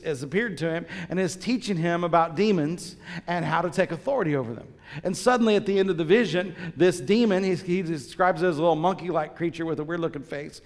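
High-voiced preacher in a reverberant church. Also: male voice. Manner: emphatic, repeats phrases and asks the congregation questions. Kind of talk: sermon. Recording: long reverb of a large church hall.

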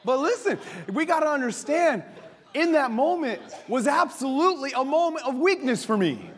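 A male pastor preaching a sermon, telling stories with laughter and dropping to a soft voice for prayers. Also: extremely high pitch, moderate pace. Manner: animated storytelling preacher, laughs often, drops to soft prayer voice. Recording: long hall reverb with faint music.

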